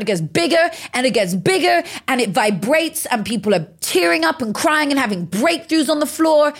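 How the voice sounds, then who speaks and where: Woman, 30s, from the UK; energetic motivational speaker giving a podcast interview, emphatic delivery. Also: mid-range voice, fast talker, few pauses. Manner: energetic, emphatic, swears freely.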